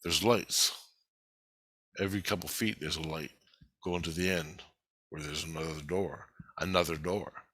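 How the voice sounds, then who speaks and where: A man's voice: extremely low pitch, steady tone, measured pace, pauses often, pushed and bright, no echo. A man in a casual spoken monologue, recounting a spiritual experience in an agitated, rambling way and swearing heavily.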